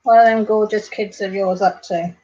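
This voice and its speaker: This Welsh vlogger rambles warmly and chattily to her live-stream audience from home, greeting viewers by name. She speaks in a mid-range voice with a steady tone at normal speed, and the recording is muffled.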